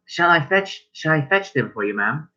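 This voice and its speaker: A man's voice: a little high, very animated, normal speed, bright, forceful tone, lo-fi sound, full character voice. A man voicing an eager, fawning drow servant with overly formal speech.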